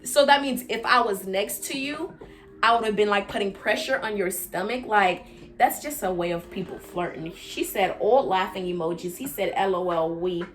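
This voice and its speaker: In a casual storytime, a young woman vlogger voices quoted lines with sharp rises in pitch, then sinks into hushed, low side comments. She talks at a normal speed.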